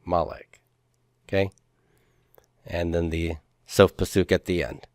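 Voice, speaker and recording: Low, clear-voiced man teaching class. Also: little pitch movement, measured pace, a little mellow, dry recording, clean studio sound. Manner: patient, explains step by step, asks the class questions. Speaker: Hebrew instructor. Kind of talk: classroom lecture on grammar.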